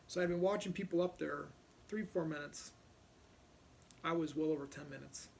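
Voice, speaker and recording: A man's voice: a little high, normal speed, gravelly, a little mellow, a little hiss or hum. A man telling a personal story bluntly and profanely.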